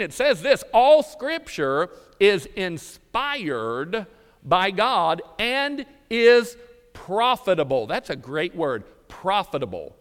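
Animated preacher. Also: male voice, sits high. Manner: animated preaching with dramatic pauses and drawn-out emphasis. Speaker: pastor. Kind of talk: sermon. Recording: reverberant hall.

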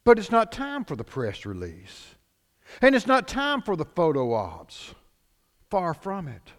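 A man preaching a sermon as pastor, animated, swinging between loud declarations and hushed lines. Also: sits high, measured pace, in a large hall.

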